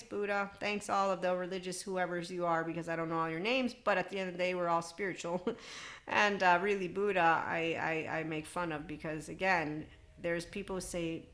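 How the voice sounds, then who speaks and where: A woman in her forties talks through a self-help podcast on her own in a slightly low voice. She rambles from thought to thought with an irreverent, offhand manner. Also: a bit bright. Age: 40s. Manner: rambling, irreverent, laughing asides. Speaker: podcast host. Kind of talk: solo spiritual self-help monologue.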